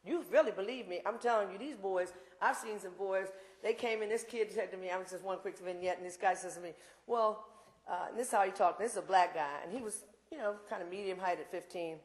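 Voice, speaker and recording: A woman's voice: mid-range voice, fast talker, hardly any pauses. Impassioned woman in her sixties, echoey hall. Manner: impassioned, blunt, rambling with asides. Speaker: invited speaker. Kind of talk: campus talk with audience Q&A. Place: university lecture room.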